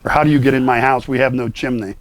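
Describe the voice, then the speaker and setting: A man's voice: mid-range voice, fairly even intonation, racing. An older man who works as Santa, chatting casually with many fillers and restarts. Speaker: Santa performer guest. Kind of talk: casual chat.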